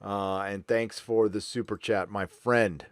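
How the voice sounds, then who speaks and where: A man's voice: lowish voice, steady tone, unhurried, no echo, clean studio sound. A man hosting a livestream, reading out viewer super chats and thanking each one in a chatty, joking way. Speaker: livestream host.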